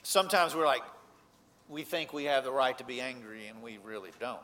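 Man, preacher, sermon, bright voice, earnest, swings loud and soft. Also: fairly even intonation, fairly quick. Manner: earnest, rising to emphatic points then dropping low.

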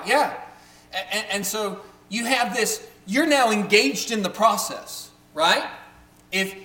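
A man's voice: sits high, pushed and bright. A man giving a conversational Bible teaching to a live group, often checking in with his listeners. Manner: chatty, keeps checking in with the audience. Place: room with a live audience. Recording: roomy echo with faint hum.

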